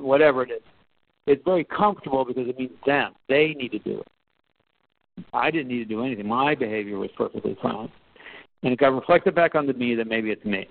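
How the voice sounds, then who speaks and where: A man giving a storytelling talk about leadership, conversational and animated, acting out quotes. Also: a little fast, no echo. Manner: animated, acts out quotes with rising pitch; conversational, with fillers and restarts. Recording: tinny phone-like, dry.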